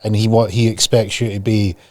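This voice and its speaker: A man's voice: lowish voice, little pitch movement, brisk. A man hosting a podcast interview, chiming in with short prompting questions. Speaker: podcast host.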